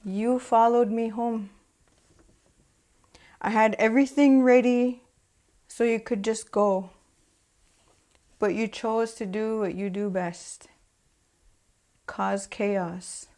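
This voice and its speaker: A woman performing a spoken word poem with a measured, deliberate delivery and long pauses. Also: on the high side, steady tone, dark tone. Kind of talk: spoken word poetry recitation.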